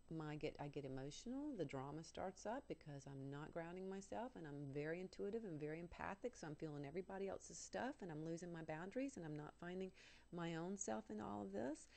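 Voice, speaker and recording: A woman's voice: fairly low pitch, vocal fry, darkish tone. A woman guest telling a personal story on a talk show, earnest and candid with self-mocking humor.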